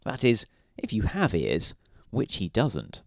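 A man's voice: lowish voice, wildly swooping pitch, slow pace, gravelly, no echo, clean studio sound. A man reading a children's story aloud in a playful way, now and then asking the listener questions.

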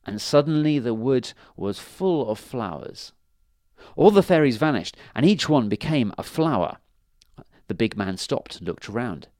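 Male storyteller for children's fairy tales, animated voice, dry close sound. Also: mid-range voice, unhurried, no room sound. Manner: lively, expressive storytelling.

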